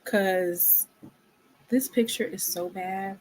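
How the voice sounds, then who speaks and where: Slow-talking exasperated woman. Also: mid-range voice, a little hiss or hum. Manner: exasperated, dramatic gasps and whispered asides. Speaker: commentary vlogger. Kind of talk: casual commentary.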